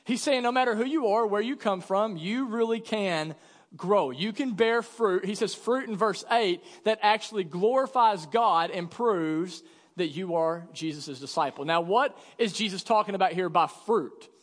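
A man in his thirties delivers a sermon with a notably high voice. He tells stories in an animated, expressive way that swells into loud exasperation. His voice rings out with the long reverb of a church sanctuary. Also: moderate pace. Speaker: pastor.

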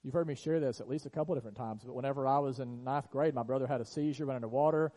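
A pastor preaching a sermon to his church, earnest, sometimes dropping to a hush on key lines. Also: mid-range voice, very fast, poor audio. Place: church sanctuary.

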